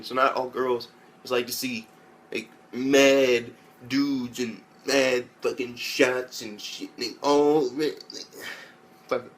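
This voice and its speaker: A young man reviews an anime episode a little slowly, his voice sitting in a middle register as he rambles and swears all the time. Every so often he launches into loud, high impressions of the characters in this casual, profane recap.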